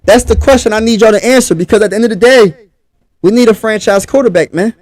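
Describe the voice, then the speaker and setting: A man's voice: high voice, quick pace, a little mellow, no echo. A man from Pennsylvania, hosting a casual livestream sports talk show and talking straight to his chat in a hyped way.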